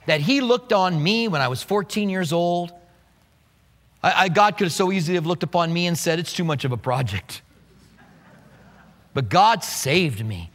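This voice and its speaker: A man preaching a sermon, animated and playful, acting out quotes with humor. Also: sits high, long reverb tail. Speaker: pastor.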